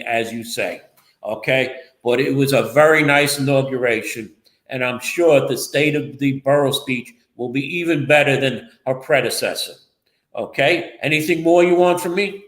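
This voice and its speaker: A man's voice: medium pitch, echoey room, rough recording. A man co-hosting a local political talk show, defensive and rambling as he explains himself. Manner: defensive, rambling, repeats the other host's name. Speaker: co-host and local reporter. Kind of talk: casual political chat show.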